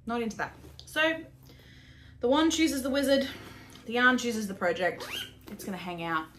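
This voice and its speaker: A chatty Australian woman hosts a knitting podcast in a relaxed, casual way. She swears freely, pokes fun at herself and laughs often. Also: on the high side, moderate pace, slight background noise. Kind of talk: casual chat.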